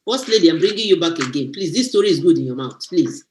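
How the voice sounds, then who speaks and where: A woman giving an animated, preachy motivational testimony on a live stream, exclaiming and teasing as she talks. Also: lowish voice, fast, roomy sound, slight background noise. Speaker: guest speaker.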